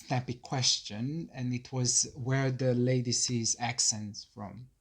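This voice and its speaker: A man's voice: medium pitch, fairly even intonation, slow, slightly rough. A man with a Croatian accent, a non-native speaker, reading viewer questions in a friendly, slightly hesitant casual chat. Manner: friendly, laughs easily, hesitant phrasing.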